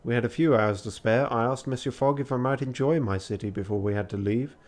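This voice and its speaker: A man's voice: medium pitch, brisk, a little mellow. A tired man reading a text adventure aloud late at night on a charity stream, with joking asides.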